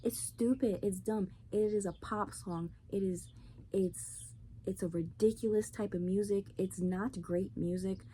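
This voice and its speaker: A woman's voice: mid-range voice, steady tone, measured pace, warm tone. A woman hosting her own show, ranting bluntly and profanely in a casual opinion monologue. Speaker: podcast host. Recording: faint background noise.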